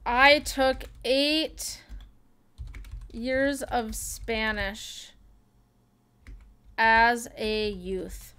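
A young woman streaming, chatting casually and joking at her own expense while she thinks out loud. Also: fairly high pitch, steady tone, very slow, pauses often, clear, resonant tone, no room sound. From Canada. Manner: chatty and self-mocking, thinking aloud. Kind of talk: casual live-stream chat.

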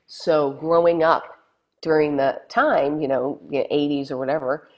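Middle-aged woman, low voice, animated storyteller who acts out quotes; interview guest. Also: a little slow. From Texas, USA. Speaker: guest, former reality show contestant.

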